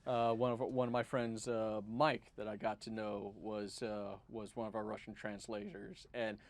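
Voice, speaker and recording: A man's voice: on the low side, little pitch movement, moderate pace, gravelly, dry recording. A man who runs tabletop games, chatting casually and enthusiastically on a stream, with plenty of restarts. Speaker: game master.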